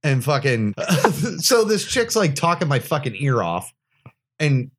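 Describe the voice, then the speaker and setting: Male podcast host, crude storyteller, animated intonation. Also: a little high, measured pace, slightly rough. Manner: profane, animated storytelling with laughter. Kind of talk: casual storytelling chat.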